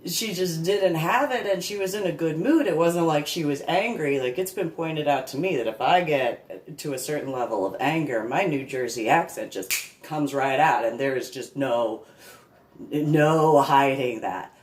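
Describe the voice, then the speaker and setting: A reverend in her forties, speaking low and at a measured pace, rambles through a personal story. She tosses in sarcastic asides and repeats words, and the room sounds echoey.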